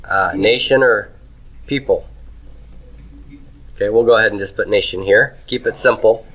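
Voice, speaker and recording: A man's voice: fairly low pitch, normal speed, dull audio. A man teaching Hebrew grammar to a class. He writes on a board as he goes, asks students questions and keeps checking in with "okay?" and "right?". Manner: asks the class questions and answers them himself; writes on a board while he talks.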